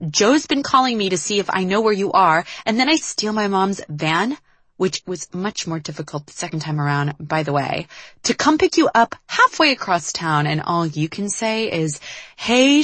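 A woman's voice: on the low side, very animated, normal speed, a bit bright, no echo. A woman voicing a young woman who is a blunt, worried best friend, pressing for answers. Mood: exasperated.

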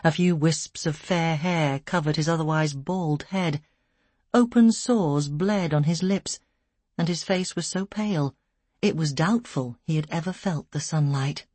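Woman reading a story, husky lowish voice, slow and somber, dry close mic. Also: warm tone, dry recording. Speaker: audiobook narrator. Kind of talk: scripted narration.

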